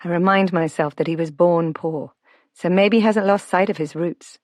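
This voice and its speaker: A woman narrating a novel in first person, reading in a calm, reflective way. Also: fairly low pitch, normal speed, dry recording. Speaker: audiobook narrator.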